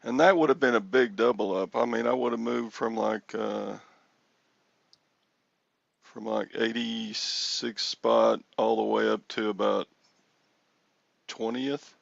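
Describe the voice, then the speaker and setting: Older male host, gravelly and slow, rambling anecdotal storyteller on a dull headset mic. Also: lowish voice, dry recording. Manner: rambling storyteller, chuckling, yells excitedly when reenacting. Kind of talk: casual chat. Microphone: headphones with mic.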